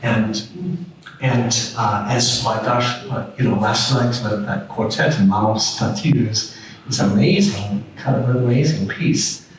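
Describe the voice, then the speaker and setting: An artistic director hosts a roundtable at a public panel in a large room, speaking in a mid-range voice a little on the slow side. He rambles, restarting sentences and using many fillers, while the echoey recording has a far-off mic and faint noise.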